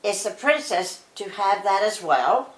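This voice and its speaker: A woman's voice: mid-range voice, expressive, a little slow, close to an everyday voice. An older woman reading aloud, voicing snobbish older brothers who mock their sibling. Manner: mocking, scornful. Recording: roomy echo.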